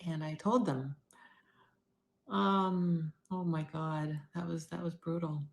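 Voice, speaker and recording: A middle-aged woman talking candidly in a personal video diary, rambling and moving between loud bursts and near-whispers. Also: deep voice, fairly even intonation, takes it slowly, creaky. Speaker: vlogger.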